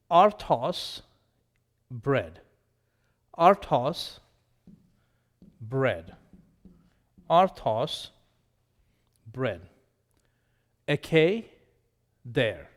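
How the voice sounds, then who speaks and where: Slow, deliberate man drilling vocabulary. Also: mid-range voice, big-room sound. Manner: slow, deliberate repetition of each word. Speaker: Greek teacher.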